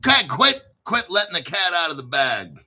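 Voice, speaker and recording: A man's voice: sits high, very animated, moderate pace, sharp tone. A man hosting casual crypto commentary, swearing freely and bantering back and forth with himself.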